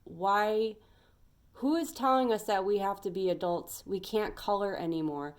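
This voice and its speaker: A woman's voice: mid-range voice, measured pace. A young adult woman giving an earnest, emphatic pep talk as a tarot reader, rambling a little as she goes.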